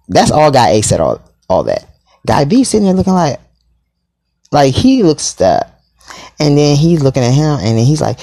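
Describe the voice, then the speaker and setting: Sassy, animated man telling a story. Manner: animated and sassy, with sudden jumps into high pitch; blunt and profane, with dramatic asides. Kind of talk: casual storytime monologue.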